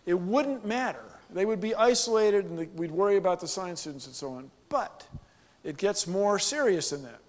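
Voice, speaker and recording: A man from the United States giving an animated, joking conference keynote to a live audience. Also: high-pitched, normal speed. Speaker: keynote speaker. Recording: long hall reverb.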